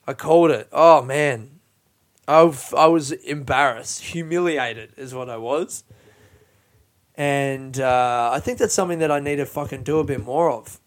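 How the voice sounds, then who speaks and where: A man's voice: mid-range voice, measured pace. A man hosting a podcast on his own, talking in a rambling, frank, self-mocking way and swearing often. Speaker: podcast host and stand-up comedian. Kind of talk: casual solo podcast monologue.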